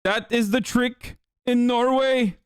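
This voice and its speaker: A man's voice: very high-pitched, fairly even intonation, takes it slowly, clean tone, dry recording, studio quality. A young man streaming, riffing sarcastically and swearing a lot while reacting to videos. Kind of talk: casual stream commentary.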